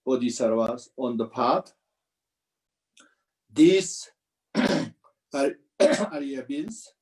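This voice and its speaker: A man giving a Buddhist teaching commentary over a video call, speaking halting English with frequent restarts. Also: medium pitch, animated, a little mellow, poor audio. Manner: slow, halting non-native English with restarts.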